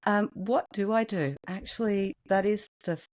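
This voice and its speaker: A woman's voice: medium pitch, normal speed, a little mellow. A middle-aged woman, a voice and dialect coach, chatting candidly with a ready laugh. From Australia. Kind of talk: casual interview chat.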